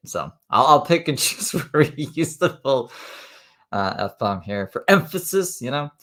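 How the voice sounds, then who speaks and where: A man's voice: medium pitch, sing-song, measured pace, a bit bright. A man on a live stream reading emails aloud in casual commentary, with profane, sarcastic asides.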